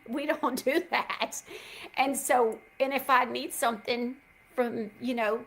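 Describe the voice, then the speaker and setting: A woman's voice: fairly high pitch, a bit bright, low-quality recording. A middle-aged woman, hosting a show and telling a chatty story straight to her listeners. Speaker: host. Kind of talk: casual chat.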